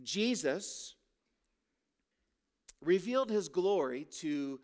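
A man with a fairly high voice delivers an expository sermon from the pulpit. He builds his points through rhetorical questions and slows down to draw out key words for emphasis. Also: very animated, a little mellow. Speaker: pastor.

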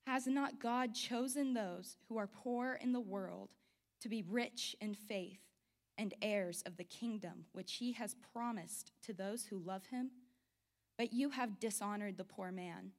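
A woman reading a scripture passage aloud in a measured, formal way. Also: mid-range voice. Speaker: scripture reader.

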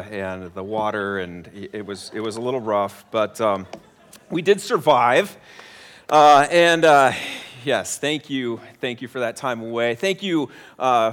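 A man's voice: medium pitch, a bit bright. A middle-aged American man preaching a sermon in a church, talking conversationally with self-deprecating humor. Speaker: pastor. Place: church sanctuary.

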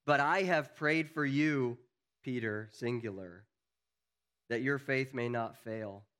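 A man preaching a sermon as pastor, earnest, building to emphatic peaks and then dropping low and quiet. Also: slow pace, clear, resonant tone.

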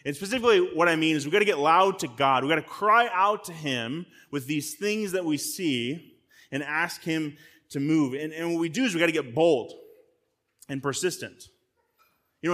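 A man's voice: on the high side, a bit bright. A man giving a sermon as a guest pastor. He preaches conversationally, speaks straight to his listeners, and often repeats words as he restarts. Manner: frequent word repeats and restarts.

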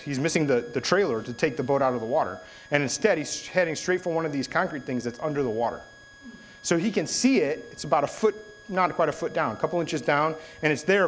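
A young adult man preaches a sermon in a fairly high voice over a rough recording with some hiss or hum. He starts by casually telling a story, then turns it into an earnest exhortation.

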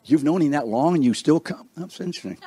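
A man's voice: fairly high pitch, lively intonation, fast, mellow. An older man hosting a seniors breakfast, introducing guests one by one with playful teasing and stumbling over names. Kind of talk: introducing people in a room, joking.

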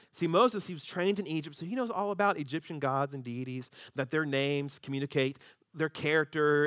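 A man preaching a sermon as a pastor, conversational and humorous, animated and shifting his voice when he acts out quotes. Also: a little high, dry recording, clean studio sound.

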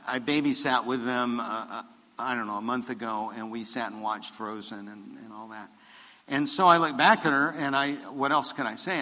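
An older pastor preaches to his congregation, moving from easy storytelling to emphatic preaching. His voice has a bright, forceful edge. It rings out in a large hall with a long reverb tail. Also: medium pitch. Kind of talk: sermon.

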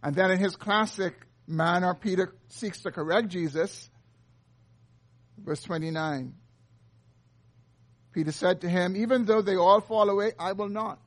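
A man's voice: high voice, measured pace, long pauses. A man preaching an earnest expository sermon, reading and explaining scripture. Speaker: pastor.

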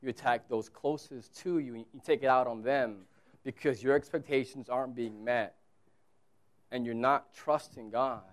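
With a medium pitch and normal speed, a pastor in his thirties gives a conversational sermon. He moves back and forth between quiet asides and loud, emphatic repetition.

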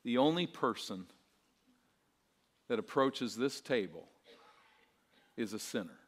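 A man preaching a sermon as pastor, earnest and rhetorical, repeating phrases and swinging between soft, quiet lines and emphatic ones. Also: medium pitch, animated, takes it slowly. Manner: rhetorical questions and repetition.

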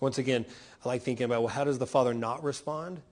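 A middle-aged man preaching a sermon as a pastor, animated and full of rhetorical questions. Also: mid-range voice, fast. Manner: animated, rhetorical questions, voicing quoted speakers.

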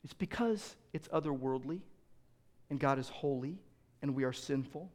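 Preaching with earnest emphasis, this pastor climbs to loud peaks and repeats words whenever he starts a phrase over. He has a mid-range voice and talks at a normal speed.

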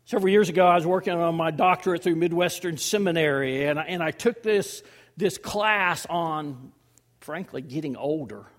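A man in his fifties preaching a sermon as pastor, swinging between loud emphasis and hushed, near-whispered lines. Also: on the high side, normal speed. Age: 50s.

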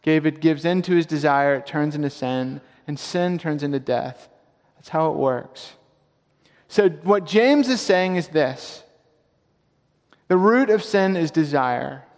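Preaching in a large church sanctuary, an expressive pastor with a fairly high voice drives hard at his main points. He slows down and says the key lines again for emphasis, each phrase followed by a long reverb from the hall.

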